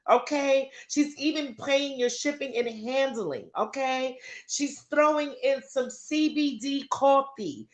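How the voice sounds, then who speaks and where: A woman hosts a casual livestream, talking straight to her viewers. Her voice sits a little high and her delivery is slow and unhurried. She laughs often and keeps up the chat as she fiddles with her broadcast settings. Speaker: livestream host.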